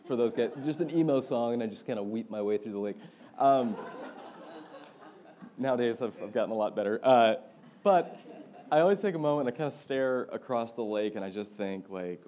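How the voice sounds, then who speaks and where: Young guy pastor, mellow voice, animated storytelling with lots of laughs, faint noise behind. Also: on the low side, moderate pace. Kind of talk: sermon.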